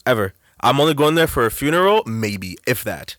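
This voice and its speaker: A man's voice: medium pitch, sing-song, a little fast, fairly bright tone, dry recording, studio quality. A man in a casual chat, talking bluntly and profanely, often breaking into laughter.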